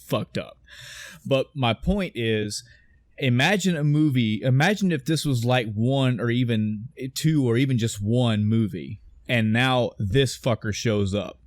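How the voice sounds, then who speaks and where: A man co-hosts a casual film podcast with a rambling, profanity-laced delivery. He keeps tripping over names and restarting sentences. His voice sits at a middling pitch and is recorded close and dry, with no room sound. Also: a little slow, no room sound. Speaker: podcast co-host.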